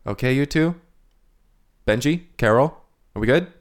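A man with a mid-range voice trades jokes in a relaxed podcast conversation about a film. He often echoes the other hosts' words and laughs between remarks. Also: mid-range voice, moderate pace. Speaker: podcast co-host. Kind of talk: casual chat.

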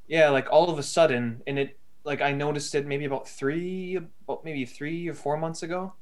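A man's voice: a little high, fairly even intonation, normal speed. A man in a casual podcast chat, rambling easily and hesitating with ums. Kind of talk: casual chat among friends.

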